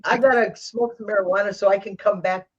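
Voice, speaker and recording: A woman's voice: medium pitch, steady tone, fast talker, slightly rough. A woman psychic hosting a tarot livestream, ranting bluntly and rambling with restarts. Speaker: psychic tarot reader, stream host. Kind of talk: casual livestream chat. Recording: dull lo-fi stream audio.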